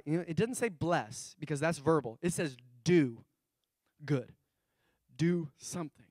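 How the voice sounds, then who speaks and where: A man preaching a sermon as pastor, telling stories with animated swings between soft asides and loud emphatic bursts, repeating key phrases slowly for emphasis. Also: on the high side, no room sound, clean studio sound.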